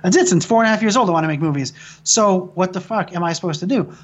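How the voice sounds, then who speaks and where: A man's voice: high voice, fast, highs cut off. A man in his thirties from Michigan, a filmmaker guest telling stories in casual conversation, swearing often and restarting sentences. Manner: rambling, profane storytelling with frequent restarts.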